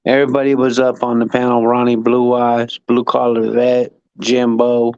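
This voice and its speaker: A man hosting a livestream podcast, signing off in a laid-back, friendly way with shout-outs. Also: medium pitch, completely flat delivery, normal speed, clear, resonant tone, no echo, muffled recording. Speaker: podcast host. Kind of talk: casual livestream sign-off.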